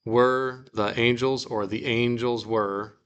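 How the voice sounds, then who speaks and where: A man teaching a relaxed Bible Greek class, reading example sentences aloud and explaining them slowly with casual fillers. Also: mid-range voice, clear, resonant tone, lo-fi sound.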